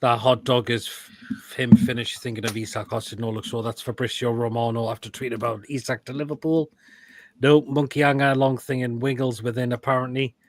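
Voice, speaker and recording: A man at a middle pitch, running a live football stream and judging food pictures. He talks in crude, blunt one-liners and breaks into loud outbursts now and then. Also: little pitch movement, brisk, no echo. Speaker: host of a live football show. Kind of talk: live-stream chat reacting to food pictures and reading comments.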